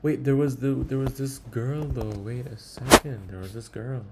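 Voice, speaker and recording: A man's voice: mid-range voice, steady tone, moderate pace, very noisy. A man muttering to himself in a casual vlog while trying out voices, saying "bro" a lot. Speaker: startup founder vlogger. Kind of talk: casual thinking-aloud vlog.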